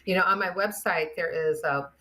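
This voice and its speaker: A middle-aged woman, a chiropractor guest, chatting in an interview and telling lively stories with acted-out quotes. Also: on the low side, normal speed. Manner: chatty, animated storyteller acting out quotes. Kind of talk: casual interview storytelling.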